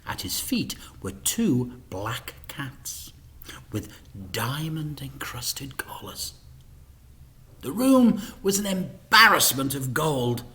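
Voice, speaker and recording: A male teacher reading a children's book aloud, expressive and sometimes dropping to a whisper. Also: mid-range voice, slow. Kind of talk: storybook read-aloud.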